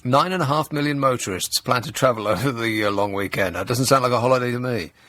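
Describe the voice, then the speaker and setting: A man's voice: mid-range voice, fast talker, fairly bright tone, no room sound. A man hosting a talk radio show in a studio, reading the news with sarcastic, mock-outraged asides. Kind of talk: comedic talk radio monologue. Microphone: studio microphone.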